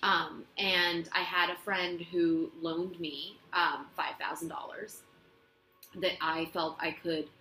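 Bright animated woman telling stories. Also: fairly low pitch, soft background music. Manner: animated, self-mocking, quick to laugh. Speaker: guest actress. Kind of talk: casual interview storytelling. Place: her own apartment living room. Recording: echoey room.

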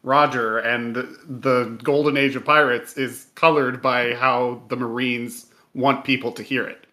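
Man, podcast co-host, bright tense voice, quick quips. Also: medium pitch, level tone. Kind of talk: casual chat.

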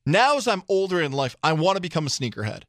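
Higher-voiced sports radio host, dry mic. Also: male voice, big pitch swings, fast talker, fairly bright tone, no room sound. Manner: conversational, opinionated, steering the segment. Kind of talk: casual sports talk.

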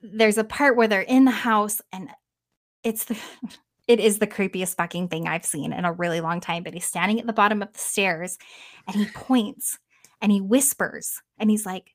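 A woman podcast host casually retelling a story in an animated way, swearing freely and trailing off now and then. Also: mid-range voice, moderate pace.

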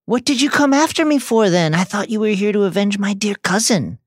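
A man's voice: lively intonation, brisk, breathy edge, no room sound, studio quality. A man voicing a cruel witch who taunts in a mock baby voice. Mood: taunting. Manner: shrill, taunting, sing-song.

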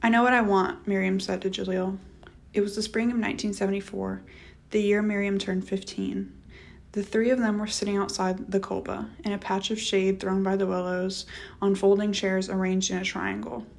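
A woman narrating an audiobook novel in a measured, steady reading. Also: mid-range voice, creaky. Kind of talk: scripted narration.

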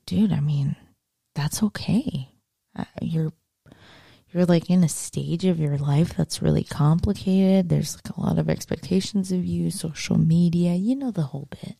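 A woman's voice: lowish voice, measured pace, creaky, warm tone, slightly rough, no room sound, studio quality. A young adult woman hosting a solo podcast, chatting casually and jokingly and swearing freely. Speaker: podcast host. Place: outdoors on a walk.

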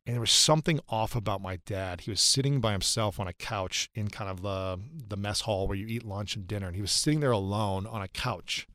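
A man's voice: lowish voice, fairly quick, hardly any pauses, fairly bright tone, no echo, clean studio sound. A man in his thirties, a podcast guest, telling a personal story in an earnest, reflective way and repeating phrases for emphasis. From United States.

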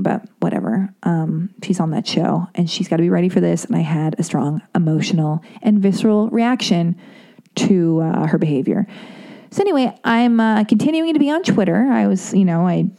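A woman in her thirties with a lowish voice and vocal fry talks briskly. Her casual monologue wanders, and she stutters and restarts as she grows more worked up, interrupting herself animatedly. She voices other people's lines in an acted way.

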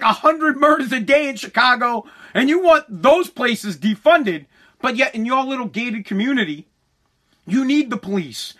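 A man's voice: very high voice, sharp tone. A man hosting a podcast, ranting heatedly with profanity and frequent restarts. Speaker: podcast host. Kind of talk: ranting political commentary.

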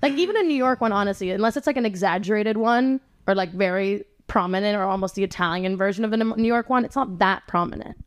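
A woman's voice: mid-range voice, quick pace, few pauses, dry recording. A young woman chatting casually as a podcast guest, full of "like" fillers and restarts, swearing freely.

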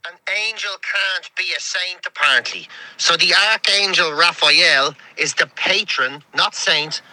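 A man's voice: fairly high pitch, a little slow, pushed and bright, dry recording, rough recording. A man explaining something in a casual voice note, dry and wry. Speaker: co-host in a voice note.

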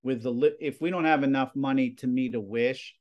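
Chatty middle-aged teacher, rambling. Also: male voice, mid-range voice, a little fast, dull audio. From Pennsylvania. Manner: rambling, filler-heavy storytelling with lots of "you know" and "like". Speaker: high school TV production teacher. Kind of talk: casual interview talk.

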